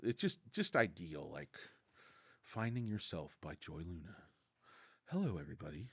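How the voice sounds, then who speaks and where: A man's voice: low-pitched, expressive, unhurried, no room sound. A man hosting a casual stock livestream, rambling, sarcastic and crude, dropping to mutters and jumping to outbursts. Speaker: stock streamer host.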